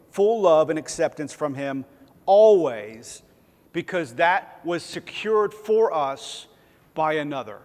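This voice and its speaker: A man delivering a sermon in a casual, self-deprecating way, his voice sitting a little high for a man. A long reverb trails behind him, as in a big church hall. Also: a little mellow. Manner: conversational and self-deprecating, acting out voices in quotes. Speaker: pastor. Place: church sanctuary.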